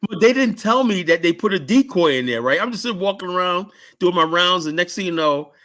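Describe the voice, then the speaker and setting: A man's voice: sits high, lively intonation, a little fast. A middle-aged man telling stories in a casual podcast chat, rambling, tagging "right?" and "whatnot" onto his lines. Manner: rambling storyteller, keeps adding "right?" and "whatnot", shouts out quoted lines. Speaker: guest telling security stories.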